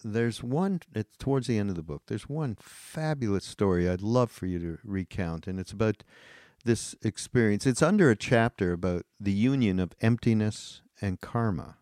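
A man's voice: lowish voice, animated, moderate pace, a little mellow, dry recording, studio quality. A man interviewing an author, asking a long, enthusiastic and rambling question.

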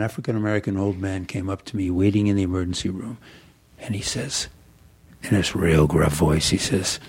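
Older man, gravelly voice, husky, animated rambling storyteller, interview guest. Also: on the low side. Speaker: actor guest. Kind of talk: rambling anecdotal interview talk.

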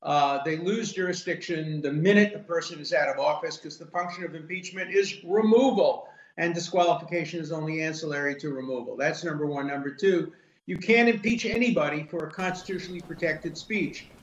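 A man's voice: on the high side, brisk. Older man, emphatic legal analysis, muffled roomy line. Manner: firm, emphatic, lays points out in numbered order. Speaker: law professor guest. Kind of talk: legal commentary in an interview clip. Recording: roomy muffled remote audio with faint hiss.

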